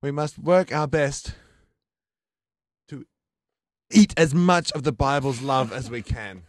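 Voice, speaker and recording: A man from New Zealand playing a pompous, flustered elderly pope in an improvised radio comedy skit, halting and stammering as he goes. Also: mid-range voice, lively intonation, no echo, clean studio sound.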